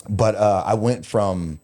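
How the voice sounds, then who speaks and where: Low, mellow-voiced man telling a raw story. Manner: emotional, confessional, swears freely. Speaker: podcast host. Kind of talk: candid conversational storytelling.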